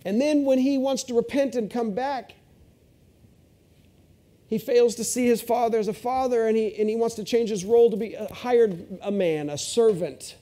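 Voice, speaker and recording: Brief: male preacher, storytelling sermon, mellow tone. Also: very high-pitched, moderate pace. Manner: expressive, shifts voice for characters.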